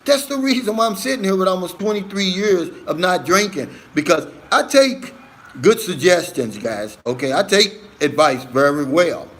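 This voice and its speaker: A man's voice: sits high, lively intonation, normal speed, fairly bright tone. A middle-aged man hosting a casual live stream, reading viewer comments aloud and answering them in an earnest, emphatic way, often calling viewers "man" and "brother".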